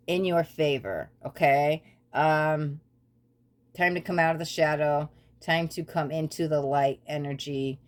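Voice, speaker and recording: A woman with a slightly low voice talks through a tarot reading in a loose, casual way. She rambles, repeats herself in lists and stops often to apologise. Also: darkish tone. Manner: rambling, repetitive lists, frequent apologetic asides. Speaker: tarot reader.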